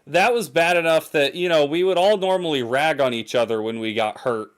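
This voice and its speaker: A man's voice: on the high side, a little fast, clean tone. A young man co-hosting a podcast, chatting casually with frequent restarts and easy laughter. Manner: hesitant, restarts often, laughs easily. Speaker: podcast co-host. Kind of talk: casual chat.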